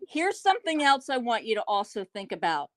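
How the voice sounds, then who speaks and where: A woman's voice: a little high, very animated, a little fast, no echo. A woman on a panel chat, talking with emphasis and repeating words to drive her points home.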